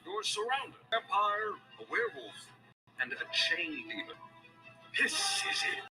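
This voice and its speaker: A man voicing an overeager young wizard in a comedy sketch, sheepish and excitable. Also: high-pitched, unhurried, exaggerated voice. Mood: excited. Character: overeager young male wizard casting silly spells. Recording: music under the voice.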